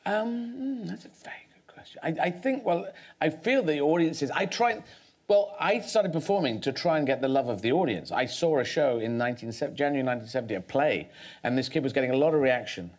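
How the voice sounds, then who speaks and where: A man's voice: mid-range voice, expressive, fast talker. A man as a guest on a talk show, speaking thoughtfully, rambling, with many restarts.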